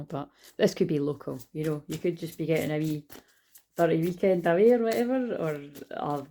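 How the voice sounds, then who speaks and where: A woman's voice: sits low, fairly quick, dark tone, slight background noise. A Scottish woman giving a casual, rambling spiritual card reading, chatty and swearing now and then.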